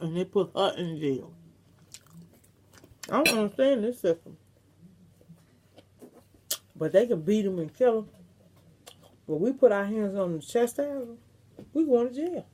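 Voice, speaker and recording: A woman's voice: medium pitch, animated, normal speed, long pauses, a little mellow, a little hiss or hum. A middle-aged woman vlogger, chatting casually and reminiscing to her viewers, with some salty language. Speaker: mukbang vlogger.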